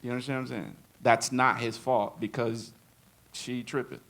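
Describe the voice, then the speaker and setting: A man's voice: mid-range voice, steady tone, normal speed, creaky, a bit bright. A man giving a live drum clinic to an audience. He jokes, laughs often and acts out quotes. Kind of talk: live workshop talk and Q&A.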